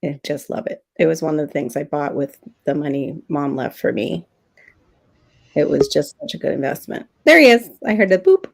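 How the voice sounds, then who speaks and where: A middle-aged woman talks casually on a livestream, rambling from one aside to the next and laughing often. Her voice has a gravelly rasp at the edges. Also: deep voice, moderate pace, warm tone. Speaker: livestream co-host. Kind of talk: casual chat.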